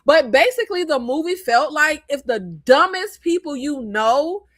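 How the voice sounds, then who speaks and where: American lady with a high voice ranting about movies, blunt, opinionated, goes off on tangents. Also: measured pace. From United States. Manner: blunt, animated and opinionated, with rambling asides. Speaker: host. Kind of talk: casual movie review chat.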